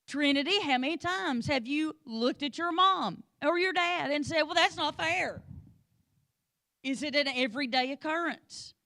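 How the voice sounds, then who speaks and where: A woman teaching a Bible lesson, telling the story with lively energy and calling on class members by name. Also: high voice, moderate pace, hardly any pauses. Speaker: Sunday school teacher.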